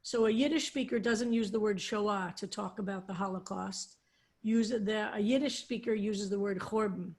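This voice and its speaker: A woman's voice: mid-range voice, steady tone, moderate pace, a little mellow. A woman rabbi teaching a psalm study over a video call, patiently explaining Hebrew words. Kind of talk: online Hebrew text lesson.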